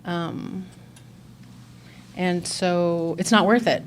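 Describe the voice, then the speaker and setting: A woman's voice: fairly low pitch, fairly even intonation, drawn-out words, a little hiss or hum. A woman speaking at a recovery conference, sharing her personal story candidly and reflectively, with fillers and restarts. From Chicago.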